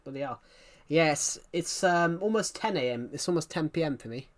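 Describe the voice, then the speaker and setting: A British man chatting casually with viewers on his live stream, using a louder, cheerful streaming voice and rambling from one thought to the next. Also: fairly high pitch, animated. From United Kingdom. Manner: puts on a louder, happier voice for the stream; rambling, chatty, quick to apologize.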